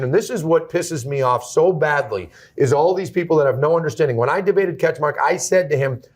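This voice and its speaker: A fired-up male host who talks bluntly and with emphasis, at a slightly higher pitch than most men. He leans hard into his points in a casual interview conversation and curses freely. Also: a little fast. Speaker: host, brokerage owner.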